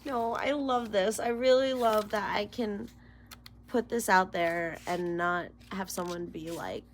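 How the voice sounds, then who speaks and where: A woman's voice: medium pitch, measured pace, a little hiss or hum. A woman doing a casual tarot reading to camera, emotional and close to tears, rambling and dropping into whispers. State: near tears. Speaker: tarot reader.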